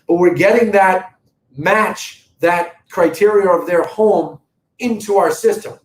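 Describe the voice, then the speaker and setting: Middle-aged Boston man, slightly high voice, earnest live-stream salesman, roomy sound with low background rumble. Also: a little slow. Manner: earnest, emphatic sales talk addressing viewers directly. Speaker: real estate company host. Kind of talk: live video market update.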